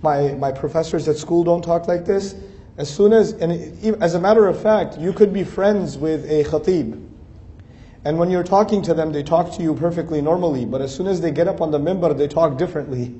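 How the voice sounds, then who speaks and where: A man's voice: fairly high pitch, a little fast, mellow. A man giving an earnest religious lecture, building lists of phrases and rising to emphatic peaks. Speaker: Islamic speaker. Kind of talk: lecture to a Muslim audience.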